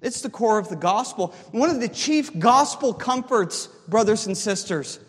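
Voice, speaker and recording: A male pastor delivers a teaching sermon, walking his listeners through a text step by step and pausing often to ask "okay?" His voice sits notably high for a man. The sound carries the long reverb of a large hall. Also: lively intonation, fairly bright tone, slightly rough. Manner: explanatory, frequent "okay?" check-ins.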